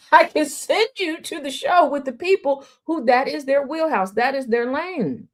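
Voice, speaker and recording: A chatty woman hosts a casual live radio stream and talks straight to her listeners. Her voice sits a little high, and she teases them and laughs often. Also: normal speed, few pauses. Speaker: radio show host. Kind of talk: casual livestream chat.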